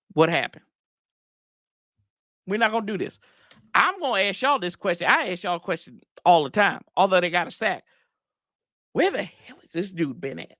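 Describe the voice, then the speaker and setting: A man's voice: high-pitched, pushed and bright, no room sound, studio quality. A man hosting a casual sports show, ranting in a rambling, exasperated way with slangy asides to his viewers. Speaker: sports podcast host.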